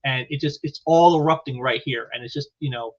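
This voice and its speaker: A man's voice: medium pitch, fairly quick. Rambling man with muffled lo-fi sound. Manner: rambling, heavy with "you know" fillers and restarts. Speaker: comic book reviewer. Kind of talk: casual solo commentary. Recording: muffled lo-fi recording.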